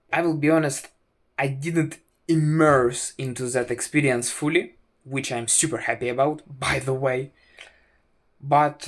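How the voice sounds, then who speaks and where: Slow, halting young man. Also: mid-range voice. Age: 20s. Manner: halting, full of "uh" fillers and restarts; wry, self-mocking. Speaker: vlogger. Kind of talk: casual storytelling to camera.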